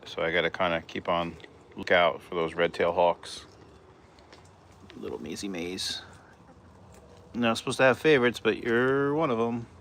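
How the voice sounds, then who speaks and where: A man with a very low, deep voice strolls his backyard, talking easily into a handheld phone. He rambles and chats with his hens in a relaxed, unhurried way. Faint outdoor ambience sits underneath. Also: slight background noise. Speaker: backyard chicken keeper, vlogger. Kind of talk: casual walk-and-talk vlog. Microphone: handheld phone camera.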